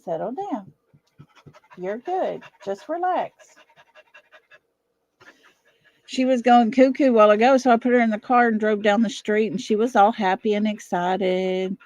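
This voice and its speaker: A woman's voice: medium pitch, fairly even intonation, brisk, hardly any pauses, a little mellow, no room sound. A middle-aged woman hosting a casual livestream from her home, chatting with viewers, laughing often and fussing over her dog. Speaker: livestream host. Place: at home, indoors.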